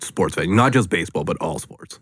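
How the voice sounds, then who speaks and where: A man's voice: low voice, expressive, brisk, a bit bright, no room sound, clean studio sound. A man from Canada hosting a podcast, joking brashly and swearing as he chats. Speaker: podcast host. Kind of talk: casual chat.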